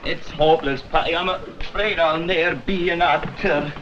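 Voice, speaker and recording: A man's voice: a little high, fairly even intonation, normal speed, natural voice. Male actor, young Scottish student, broad Scottish accent, lo-fi hissy 60s TV track. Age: young adult. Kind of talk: 1960s sitcom acting. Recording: dull old TV soundtrack with hiss.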